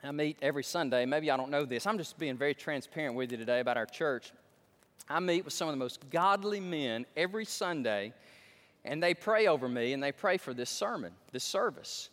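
Man pastor, high voice, folksy excitable sermon, long reverb of a big church. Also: fairly quick. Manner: folksy, excitable preaching with repeated restarts. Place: large church sanctuary.

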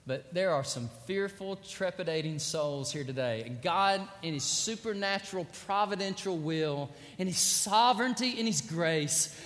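Man preaching a lively sermon. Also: high voice, normal speed, hardly any pauses. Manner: preacher's cadence, quoting scripture and rising to loud exhortations. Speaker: pastor. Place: large church sanctuary. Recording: church reverb.

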